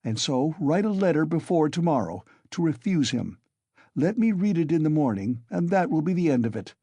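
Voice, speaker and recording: A man voicing a feverish, irritable young male student who snaps out his words, pitched above his own voice. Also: big pitch swings, normal speed, warm tone, slightly rough, no echo, exaggerated voice. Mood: insistent. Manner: agitated, snapping.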